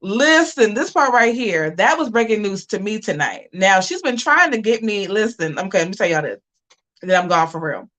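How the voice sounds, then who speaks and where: A woman hosting her own livestream, delivering a preachy, scolding rant. She hammers her points by repeating phrases, with animated swings in her delivery, in a middle-pitched voice. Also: normal speed. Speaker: channel host on a livestream. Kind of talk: casual livestream commentary.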